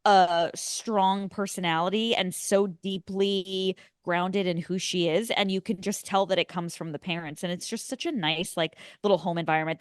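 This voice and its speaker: A woman's voice: medium pitch, clear, resonant tone, dry recording, studio quality. A woman co-hosting a film podcast, chatting casually and laughing often as she retells scenes. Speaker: podcast co-host. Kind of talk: casual chat.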